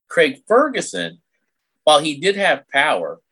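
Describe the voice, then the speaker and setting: A man's voice: a little high, wildly swooping pitch, a little slow, pushed and bright, slightly rough. A middle-aged man chatting as a podcast guest over a video call, blunt and crude with plenty of jokes. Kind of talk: casual podcast chat.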